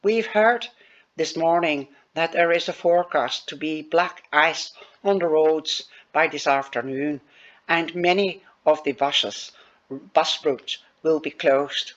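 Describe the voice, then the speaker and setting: A woman voicing a brisk Irish schoolteacher, with an Irish accent and a prim announcing manner. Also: low voice, dull audio. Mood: formal.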